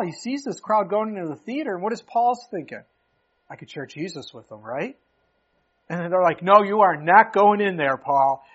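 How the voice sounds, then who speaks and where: A man's voice: sits high, breathy edge, lo-fi sound. A man preaching an expository sermon in a conversational, emphatic way, often asking rhetorical questions. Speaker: pastor.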